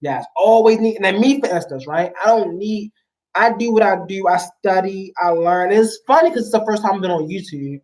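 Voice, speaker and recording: Animated woman telling stories. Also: medium pitch, fairly quick. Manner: animated storyteller, emphatic slang-heavy talk. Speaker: guest. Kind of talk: casual chat.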